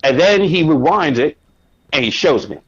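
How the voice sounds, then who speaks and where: A man, a podcast guest, telling a casual anecdote with lively quoted asides. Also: a little high, normal speed, a little hiss or hum. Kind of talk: casual storytelling. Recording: dull lo-fi audio.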